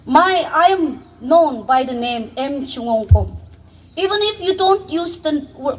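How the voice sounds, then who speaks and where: Addressing a young audience, a high-voiced woman vlogger from Northeast India urges them on with passion and sincerity, sometimes restarting her sentences. The recording is rough.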